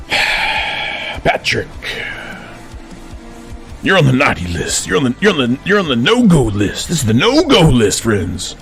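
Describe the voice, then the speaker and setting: A man with a drawl preaches a heated rant into his camera from an office. His voice is bright and edgy with a gravelly fry. The pitch leaps and dives as he stammers through restarts. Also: wildly swooping pitch, measured pace, long pauses, soft background music. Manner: preachy, repeatedly addresses "friends", stammers when worked up. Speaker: vlogger in the persona of a command sergeant major.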